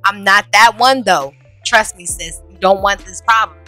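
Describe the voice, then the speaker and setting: A woman voicing a tough woman fighter in a game, warning a rival in slow, steady slang. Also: medium pitch, faint music behind, lightly acted. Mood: menacing.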